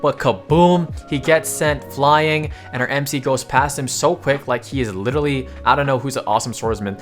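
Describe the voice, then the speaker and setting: A man's voice: mid-range voice, normal speed, soft background music. A man narrating a casual comic recap, tossing slangy, joking asides to his viewers.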